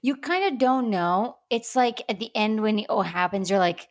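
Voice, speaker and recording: A woman co-hosting a podcast, talking through an episode recap with blunt, exasperated remarks. Her voice sits at a middle pitch, recorded close and dry. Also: moderate pace, hardly any pauses, dry recording. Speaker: podcast co-host. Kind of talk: casual episode recap chat.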